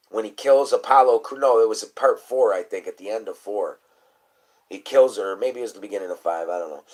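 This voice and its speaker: A man rambling on a casual livestream, swearing freely and drifting into conspiracy talk and quiet mumbled asides. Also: mid-range voice, poor audio. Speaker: livestream host.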